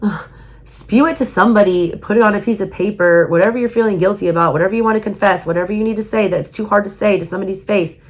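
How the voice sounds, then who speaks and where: A woman with a Southern US accent giving a casual tarot reading, emphatic and repeating her points, her voice going hoarse. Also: medium pitch, fast talker. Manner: emphatic, repeats herself, urging viewers. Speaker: tarot reader.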